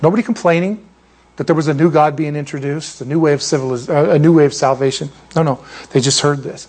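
A man with a notably high voice delivering a sermon. He preaches in a lively, storytelling way and drops joking asides. His tone swings between playful and earnest. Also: fast talker. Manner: animated, jokey storytelling with laughs. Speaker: pastor.

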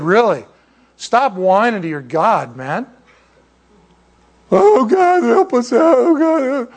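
A man with a notably high voice delivering a sermon. He preaches in a lively, storytelling way and drops joking asides. His tone swings between playful and earnest. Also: husky. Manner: animated, jokey storytelling with laughs. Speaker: pastor.

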